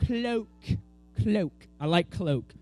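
A man's voice: high-pitched, sing-song, a little slow, soft background music. A man teaching a children's Bible lesson, telling the story with energy and asking the kids to repeat words after him. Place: room with a group of children.

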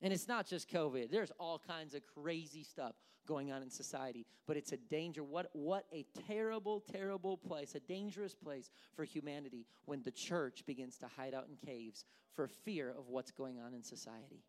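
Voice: mid-range voice, normal speed, hardly any pauses. A pastor preaching an impassioned sermon to a congregation watching online, building intensity through repetition.

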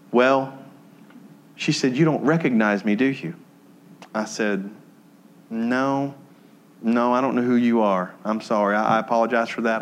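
A male pastor preaching a sermon, telling a story that drops soft and low when he is moved, then rising into emphatic teaching. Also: slight background noise.

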